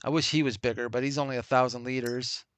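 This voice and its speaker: Talking fast with a steady, fairly bright tone, this medium-pitched man hosts a let's play of a farming game. He comments casually, thinks out loud, and laughs to himself. Game engine noise runs behind him, including tractor and engine sounds.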